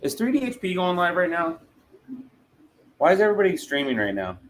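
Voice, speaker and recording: A man's voice: high-pitched, huge pitch swings, fairly quick, slight background noise, poor audio. A man chatting casually on a livestream, rambling and talking to viewers while a 3D printer runs. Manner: laid-back, rambling, talks to chat. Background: printer running.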